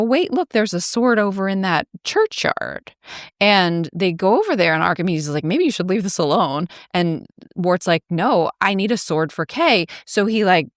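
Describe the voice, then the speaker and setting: A woman's voice: on the low side, no room sound, clean studio sound. A young woman on a podcast, casually recapping a movie in a chatty way, full of "like" and bouncy acted-out quotes. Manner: chatty, peppered with "like", acts out quotes in bouncy voices. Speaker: podcast host.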